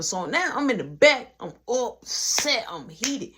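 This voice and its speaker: A woman telling a storytime about a shift at work, with a very lively, sing-song voice. She keeps punctuating her story with "boom" and acts out everyone's lines. Her manner is casual and animated throughout. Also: slow, background noise.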